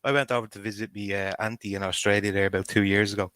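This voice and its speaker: A man's voice: lowish voice, flat delivery, quick pace, a bit bright, clear, resonant tone, no echo. A man calling into a live stream on his phone headphones, chatting in an easygoing, slangy way. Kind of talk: casual call-in chat.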